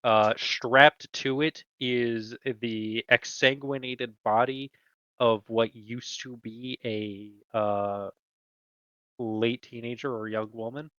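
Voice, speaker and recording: A man narrating a tabletop game as game master, slow and halting with many fillers. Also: medium pitch, steady tone, bright, forceful tone, smooth, no echo, lo-fi sound.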